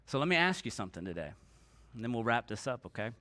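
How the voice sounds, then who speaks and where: A man's voice: medium pitch, big pitch swings, fast, sharp tone, no echo. A man preaching a sermon as pastor, in a conversational way, acting out quoted voices and having the congregation repeat lines after him. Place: church sanctuary.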